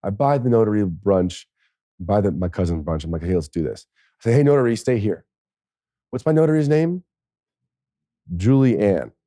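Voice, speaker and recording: A low-pitched man with a dark, mellow voice tells a raw personal story as a podcast guest. He talks candidly and swears freely, and he is tearful at times. The sound is dry and close. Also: lively intonation, moderate pace, pauses often, no room sound. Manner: candid and profane, with laughs and soft, choked passages. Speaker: podcast guest, former pro football player.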